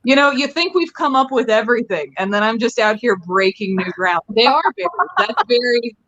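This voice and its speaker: A young woman riffs through a stand-up set from home, rambling and cracking herself up as she goes. Her voice sits a little high, and the sound comes from her phone's mic. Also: lively intonation, a little fast, fairly bright tone, dull audio. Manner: giggly, rambling, self-amused. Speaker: stand-up comic. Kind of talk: casual stand-up riffing.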